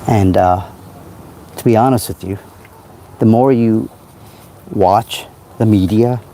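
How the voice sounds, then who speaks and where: A man's voice: on the low side, slow pace, mellow, slight background noise. A man talking in a rambling, self-help way on a casual livestream, outdoors at night by a parked car, into a phone.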